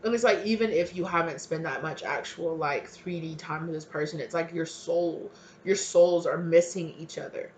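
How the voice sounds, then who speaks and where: A woman's voice: sits low, moderate pace, few pauses, a little hiss or hum. A woman giving a tarot reading, rambling with many fillers and voicing an imagined partner's pleas with feeling. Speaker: tarot reader.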